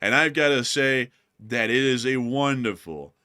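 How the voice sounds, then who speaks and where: A man's voice: mid-range voice, a little slow, pushed and bright, smooth. A man hosting a live stream in casual, rambling chat, calling the audience "folks" and piling up fillers. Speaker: livestream host.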